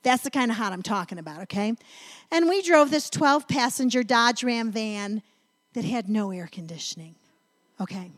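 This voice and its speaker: A middle-aged woman from North Carolina giving a sermon, telling a family story in an animated, emphatic way. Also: fairly high pitch, moderate pace. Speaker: women's ministry speaker.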